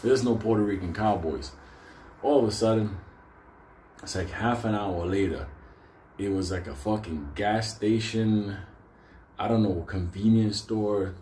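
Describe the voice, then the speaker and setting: A man's voice: lowish voice, a little slow, long pauses, mellow, roomy sound, a little hiss or hum. A man telling a story casually, swearing constantly and laughing between lines. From New York.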